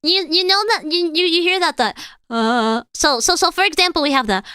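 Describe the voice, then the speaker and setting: Very high, bright, excitable woman streamer. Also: fairly quick, no room sound. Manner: excitable, chatty, explains singing technique with many fillers. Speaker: streamer and singer. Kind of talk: casual reaction commentary to chat.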